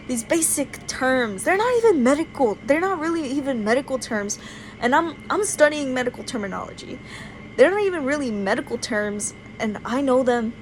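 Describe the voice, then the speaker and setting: A woman's voice: high voice, slight background noise, poor audio. A young woman ranting casually into her phone in an exasperated, incredulous way, full of "like". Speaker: vlogger.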